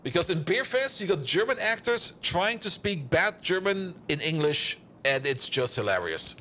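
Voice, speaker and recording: A man streaming a video game and chatting casually with his viewers, animated, laughing often and swearing freely. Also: on the high side, moderate pace, a little hiss or hum. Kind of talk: casual live-stream chat while playing.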